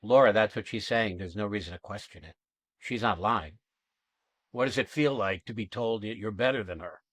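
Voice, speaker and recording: A man's voice: lowish voice, moderate pace, dry recording. Blunt, emphatic male acting coach. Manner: emphatic, blunt, swears freely. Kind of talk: coaching an acting class demo.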